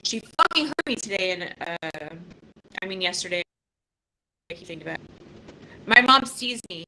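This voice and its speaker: Bright-voiced woman in her fifties, raw and profane. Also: on the low side, lively intonation, normal speed, low-quality recording. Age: 50s. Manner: raw, emotional and profane, with many restarts. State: close to tears. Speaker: podcast host. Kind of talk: casual live podcast talk.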